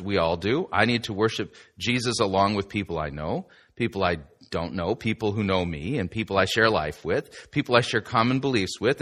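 A male pastor preaching in a conversational, emphatic way, often turning to speak straight to the listener. His pitch swings widely and his tone stays bright and forceful. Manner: chatty and emphatic, with asides to the listener. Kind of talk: conversational sermon teaching.

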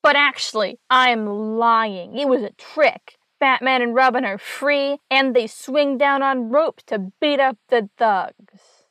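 A woman's voice: high voice, takes it slowly, a bit bright, no room sound. A woman hosting a podcast, casually recapping a comic story with wry, dry asides.

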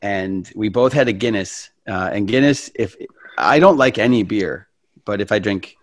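A man hosting a casual conversation, telling stories in an animated way and acting out quotes. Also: normal speed, no echo. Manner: animated storyteller, acts out quotes with big pitch jumps. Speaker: podcast host.

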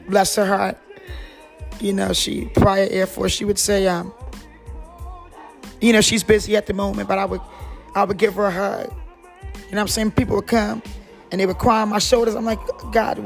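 On her podcast, a North Carolina woman in her forties rambles at length about her faith, her voice pitched in the middle range. She keeps looping back with "you know what I'm saying" in this casual talk, while soft music plays quietly underneath.

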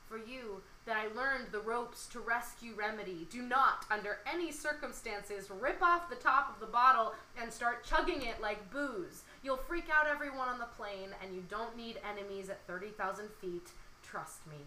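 A young woman with a fairly high voice reads a love poem aloud with dramatic feeling, then chats casually about it as a podcast co-host, dropping plenty of "like"s. She speaks at a moderate pace with hardly any pauses, and the poor audio has an echoey room and slight background noise.

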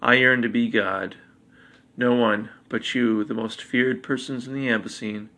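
A man voicing an arrogant boy god, cold and knowing, in a flat, measured delivery. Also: mid-range voice. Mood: menacing.

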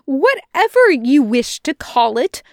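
A woman's voice: high-pitched, sing-song, slow pace, a little mellow, no echo, studio quality, pitched above the performer's own voice, exaggerated voice. A woman doing a flustered, fussy male angel. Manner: fluttery, pleading, stuttering.

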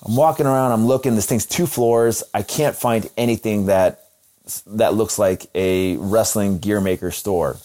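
A young man casually telling a story, animated and acting out quotes in a raised voice. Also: lowish voice, measured pace.

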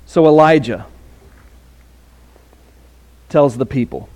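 A man's voice: medium pitch, slow, darkish tone. A man preaching a sermon in a conversational way, with fillers and restarts.

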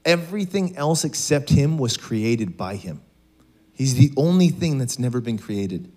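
A man's voice: medium pitch, lively intonation, a little slow, a little mellow. A man preaching a sermon in a conversational, joking way, acting out bits of dialogue. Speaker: pastor.

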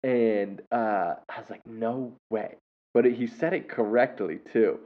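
A man's voice: lowish voice, moderate pace. A man hosting a show and telling a story in a casual, rambling way, with many fillers and self-corrections. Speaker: podcast host and English teacher. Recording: tinny phone-like sound.

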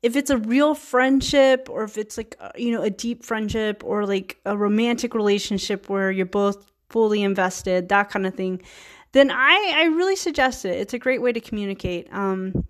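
A woman's voice: medium pitch, moderate pace. A woman in her thirties, from Virginia, hosting her own podcast and talking casually with many fillers and restarts. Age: 30s. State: a little tired. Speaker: podcast host. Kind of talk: casual solo talk.

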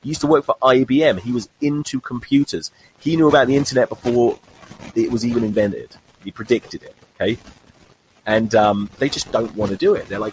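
A man's voice: medium pitch, a little fast, a little mellow, a little hiss or hum, low-quality recording. A man in his forties hosting a podcast, telling a rambling, wry comic monologue and swearing freely. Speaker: podcast host. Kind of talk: comedic monologue.

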